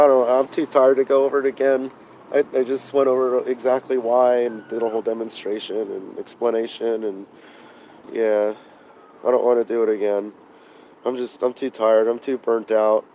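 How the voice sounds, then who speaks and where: A sick man live-streaming from outdoors beside a car, swearing, sighing and venting his frustration, sounding hoarse and burnt out. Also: medium pitch, dark tone, slight background noise, low-quality recording. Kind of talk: live-stream vlog, talking to chat.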